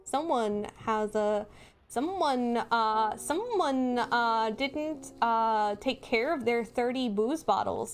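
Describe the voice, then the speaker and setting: A high-pitched woman talking into a desk mic while she plays a horror game on stream. She chats with viewers, apologizes a lot and lets out nervous laughs and sudden screams. Faint game music plays behind her. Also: unhurried. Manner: chatty, apologetic asides to viewers. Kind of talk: casual live-stream chat.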